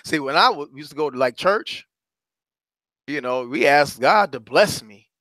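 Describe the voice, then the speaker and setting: A man gives a motivational talk as a courage coach, leaning on repetition like a preacher. His voice sits high and sounds bright and forward. The recording is close and dry. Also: lively intonation, measured pace, no echo. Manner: preacherly, addresses listeners as brothers and sisters; emphatic, repeats phrases for effect.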